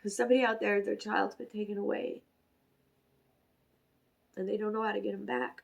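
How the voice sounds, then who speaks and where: A woman in her forties giving a rambling, emotional spiritual card reading, soft-spoken with sighs and brief whispers. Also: mid-range voice, steady tone, brisk, vocal fry, pauses often. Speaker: oracle card reader.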